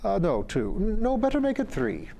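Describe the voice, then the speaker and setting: A man's voice: sits high, wildly swooping pitch, moderate pace, vocal fry, warm tone, a little hiss or hum, pitched above the performer's own voice, exaggerated voice. The Dagda, a man doing a cheery old god. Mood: breezy. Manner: cheery, playful, easygoing.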